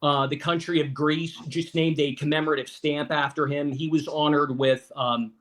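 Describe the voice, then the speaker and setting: Man, middle-aged, fairly high pitch, interview guest, earnest, repeats words. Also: flat delivery, normal speed, a bit bright. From Weirton, West Virginia. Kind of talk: conversational interview storytelling.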